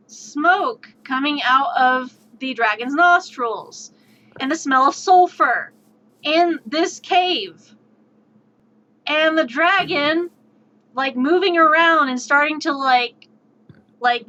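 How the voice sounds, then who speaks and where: High, bright-voiced woman streamer. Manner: animated, exasperated, swears freely. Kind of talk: live-stream storytelling. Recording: dull lo-fi stream audio.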